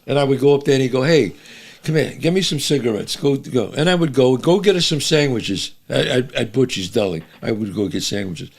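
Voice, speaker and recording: A man who is a guest on a podcast, telling animated, profane stories from his youth in casual chat. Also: mid-range voice, brisk, gravelly, hardly any pauses.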